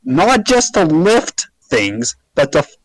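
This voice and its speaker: A man's voice: on the high side, very animated, slow pace, no echo, poor audio. A man on a casual podcast, making his point emphatically and sarcastically, swearing freely.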